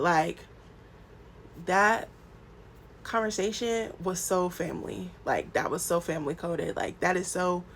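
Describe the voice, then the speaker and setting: A woman from the American South, talking through a TV episode in casual solo commentary, animated and profane, swinging from loud outbursts to soft murmurs. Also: on the low side, a little hiss or hum.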